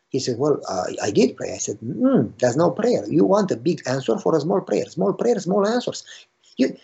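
A pastor telling a story in a sermon, animated and acting out the dialogue with a rising voice. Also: male voice, a little high, gravelly, slightly rough. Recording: dull lo-fi recording.

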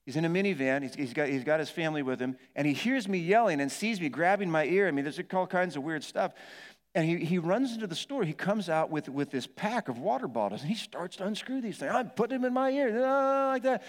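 A middle-aged male pastor with a somewhat high voice tells a wild personal story from the pulpit, shouting and groaning as he acts out each moment. His words ring out through a big hall with a long echo. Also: fast talker. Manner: animated storytelling, acts out yelling and moaning. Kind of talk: storytelling sermon.

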